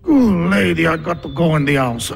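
An actor with an Italian accent playing a hot-headed truck driver who talks in broken English and breaks down sobbing. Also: male voice, on the high side, big pitch swings, moderate pace, gravelly, slightly rough, heavily acted. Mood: angry. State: crying. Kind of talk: film drama acting.

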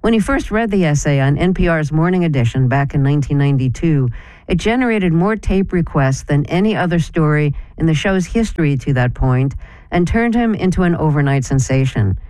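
Smooth, measured radio host voice. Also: mid-range voice, animated, a little mellow, dry recording. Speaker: radio host introducing a guest. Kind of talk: scripted broadcast introduction.

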